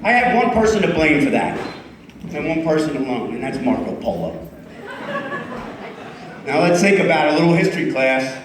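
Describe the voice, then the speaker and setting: On a comedy club stage, a man in his fifties does chatty crowd work and pokes fun at himself. His fairly high voice swings widely in pitch at a normal speed with frequent pauses, heard off-mic in an echoing room.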